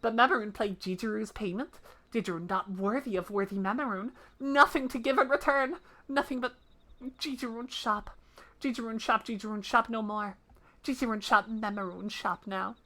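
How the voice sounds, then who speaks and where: A woman's voice: on the high side, fairly even intonation, normal speed, pushed and bright, pitched above the performer's own voice. Woman doing a tiny merchant in broken English. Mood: earnest. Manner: broken English, speaks of self in third person.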